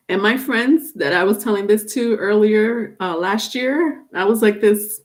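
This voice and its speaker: A woman's voice: medium pitch, normal speed. A middle-aged woman giving a casual tarot livestream. She talks in a chatty, repetitive way and laughs often. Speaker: tarot reader.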